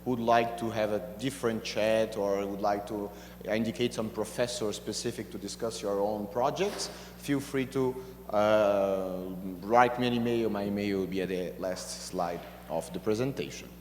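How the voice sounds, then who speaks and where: A male law professor teaching a university class in a language, speaking haltingly with frequent fillers and restarts. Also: lowish voice, a little mellow. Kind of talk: university lecture. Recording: echoey lecture hall with faint hum.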